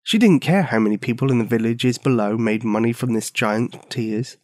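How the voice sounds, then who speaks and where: A man's voice: medium pitch, normal speed, darkish tone, no echo, studio quality. A man narrating a children's storybook expressively, with playful asides to the listener.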